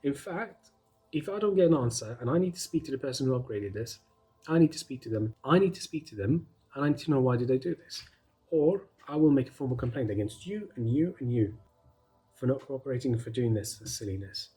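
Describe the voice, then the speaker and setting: A man's voice: medium pitch, fast, few pauses, dark tone, soft background music, natural voice, low-quality recording. A man retelling as a proud, indignant customs officer. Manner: insistent, demanding answers.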